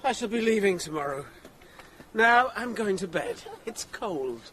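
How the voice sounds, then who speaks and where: A smug, lofty gent. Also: male voice, high voice, expressive, measured pace, a bit bright, a little hiss or hum. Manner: lofty, patronising. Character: smug, superior gentleman. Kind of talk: radio drama acting.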